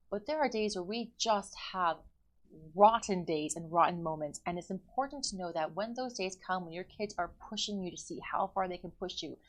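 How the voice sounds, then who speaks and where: Earnest mother with a lower voice. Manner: earnest and emphatic, quick runs of speech. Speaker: mother and parenting co-host.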